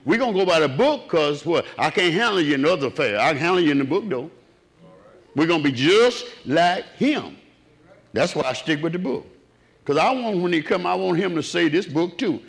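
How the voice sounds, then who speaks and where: A man preaching a sermon, swinging from low, quiet murmurs up to raised cries.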